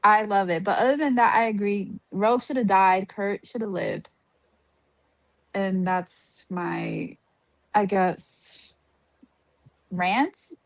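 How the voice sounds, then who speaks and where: Woman, slow delivery, dry close sound, exasperated casual rant. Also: medium pitch, gravelly, dry recording. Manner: exasperated ranting with many fillers. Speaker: podcast co-host. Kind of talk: casual review chat.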